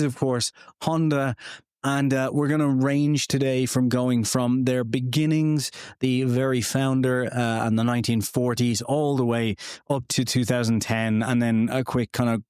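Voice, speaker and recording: A man talking casually through a solo podcast from a tiny home studio. He rambles, trips over words and laughs at his own slips, filling gaps with plenty of ums and uhs. His voice sits at a middling pitch and sounds dry and close to the mic. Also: darkish tone, clear, resonant tone, dry recording. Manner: rambling and self-deprecating, many fillers. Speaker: podcast host.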